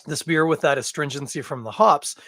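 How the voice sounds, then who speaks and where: A man's voice: a little high, brisk, fairly bright tone, dry recording. A man hosting a podcast, giving a casual, jokey solo beer review full of rambling tangents. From Canada. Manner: chatty, jokey asides, drifting tangents.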